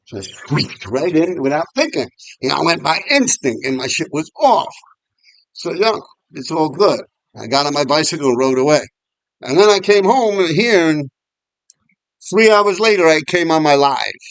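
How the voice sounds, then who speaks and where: Vlogger, fairly high voice, casual profane storytelling, dry close sound. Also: male voice, no echo, poor audio. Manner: animated, profane, laughs often.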